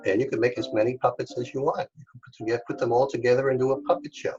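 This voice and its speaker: Speaking straight to the kids, an art teacher from Staten Island, New York, walks them patiently through an online craft lesson one step at a time. His voice is medium-pitched, steady and slightly mellow, and he talks fast. The sound is lo-fi, with soft music playing behind him.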